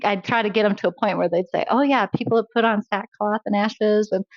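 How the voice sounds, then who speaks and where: A woman's voice: mid-range voice, fairly even intonation, brisk, dry recording, muffled recording. A woman guest talking earnestly in an interview about faith and grief, often laughing as she tells stories. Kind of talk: faith-based interview conversation.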